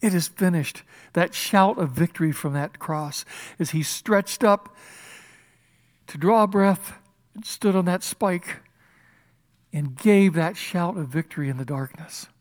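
Male pastor, impassioned sermon, shouts and whispers, church service, fairly high voice. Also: measured pace.

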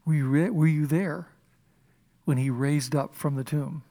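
Male pastor, impassioned sermon, shouts and whispers, church service, fairly high voice. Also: measured pace.

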